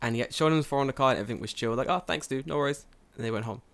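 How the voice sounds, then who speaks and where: A man's voice: mid-range voice, rapid-fire, gravelly. Profane storytelling man, casual chat. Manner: profane, storytelling, acts out quotes. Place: lives in Japan.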